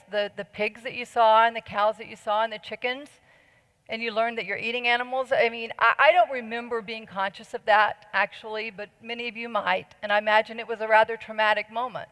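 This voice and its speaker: A woman's voice: fairly high pitch, a bit bright. Earnest woman speaking in a big hall. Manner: earnest, persuasive, asks the audience questions. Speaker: conference speaker. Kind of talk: conference talk. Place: large conference hall. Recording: long hall reverb.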